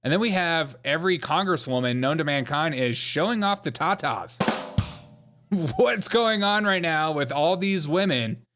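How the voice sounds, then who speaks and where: A man's voice: fairly high pitch, animated, measured pace, over music. A man hosting a comedic political commentary show, mocking and joking as he laughs along. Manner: jokey, mocking, laughs often.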